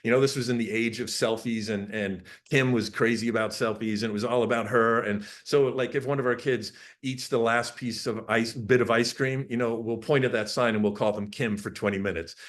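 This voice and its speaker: A middle-aged man gives a parenting talk to an audience, speaking a little fast at medium pitch and hardly pausing. He is a lively storyteller who recounts family stories, acting out the dialogue with sudden bursts of emphasis.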